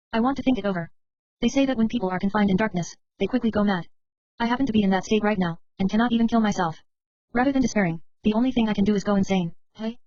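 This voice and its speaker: A woman reading a novel aloud as first-person narration, in a brisk, steady way of telling an inner monologue. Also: mid-range voice, dry recording. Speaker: audiobook reader. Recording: dry, slightly muffled recording.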